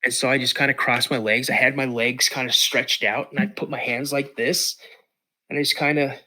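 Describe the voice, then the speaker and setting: A man's voice: medium pitch, normal speed. A middle-aged man, a podcast guest, telling a story casually with lots of repeats and restarts. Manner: animated, repeats words and restarts.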